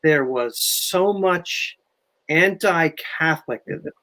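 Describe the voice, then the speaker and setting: An older man chatting as a historian guest, telling history stories in a lively, animated way. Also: fairly high pitch, slow. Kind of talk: casual history chat.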